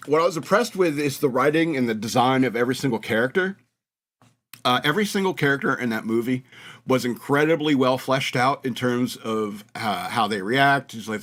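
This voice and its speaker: A man's voice: medium pitch, a bit bright. An American man hosting a radio show, talking in a rambling, mocking monologue and laughing at his own jokes. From United States. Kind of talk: casual comedic monologue.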